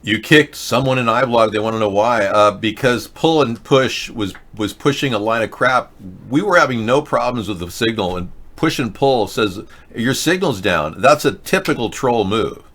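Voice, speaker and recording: A man's voice: mid-range voice, lively intonation, normal speed, hardly any pauses, fairly bright tone. Guy ranting on his talk show, sarcastic, voice jumps all over. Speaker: host. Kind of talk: casual political commentary.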